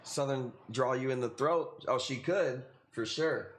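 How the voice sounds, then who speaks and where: A man's voice: mid-range voice, measured pace. A man with a Chicago accent hosting a casual livestream, rambling and chatty as he sells corals. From Illinois. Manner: rambling, chatty, laughs often, many fillers. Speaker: livestream host selling corals. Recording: echoey room with faint noise.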